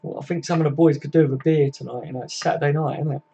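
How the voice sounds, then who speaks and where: A man's voice: a little high, steady tone, racing, gravelly, mellow, slightly rough, highs cut off. A young British man hosting a casual live stream from home, chatting loosely, swearing often and tagging his sentences with "mate" and "innit". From Britain. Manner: laddish, swears a lot, tags questions with mate. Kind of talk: casual live chat reading comments. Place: home room with desk and sofa.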